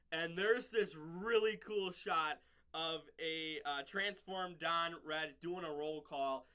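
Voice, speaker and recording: A man's voice: on the high side, pushed and bright, smooth. A man casually recapping and reviewing a show episode, rambling with lots of fillers and restarts and laughing at his own slips.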